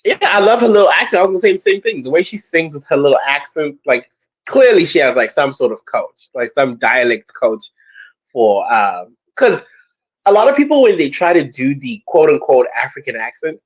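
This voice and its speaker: A man with a high, very lively voice hosts a casual chat. He talks playfully, laughs often and jumps into excited squeals. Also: a little fast, dull audio. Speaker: podcast host.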